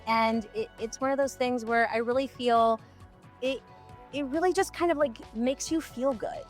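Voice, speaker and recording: A woman's voice: on the high side, normal speed, faint music behind. A woman who owns a bookstore, answering radio interview questions in an earnest, enthusiastic, conversational way. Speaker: bookstore owner, radio guest.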